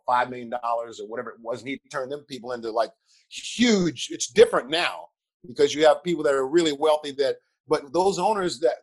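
An older man, a guest in an interview, telling animated anecdotes with chuckles and repeated words. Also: on the high side. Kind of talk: animated storytelling.

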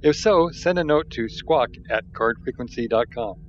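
A man's voice: medium pitch, lively intonation, normal speed, dull audio, slight background noise. A man co-hosting a podcast who talks casually and often halts and restarts his sentences. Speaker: podcast co-host. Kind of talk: casual chat.

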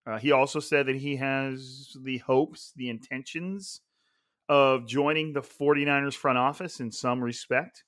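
A man's voice: mid-range voice, fairly even intonation, a little slow, a bit bright, dry recording. Rambling man, dry close sound. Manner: rambling, thinks aloud with restarts and asides. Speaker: podcast host. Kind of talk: casual solo sports podcast talk. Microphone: gaming headset.

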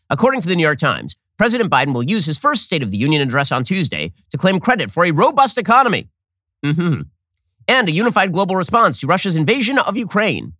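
A man's voice: on the high side, a bit bright, no echo, studio quality. A man hosting a political commentary show, reading news excerpts aloud and answering them with combative sarcasm. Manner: sarcastic, combative, rapid-fire delivery.

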